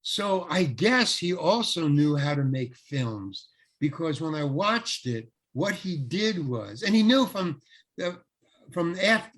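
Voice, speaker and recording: An older male actor, a guest on an interview, telling rambling, animated anecdotes full of restarts. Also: on the high side. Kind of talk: casual storytelling interview.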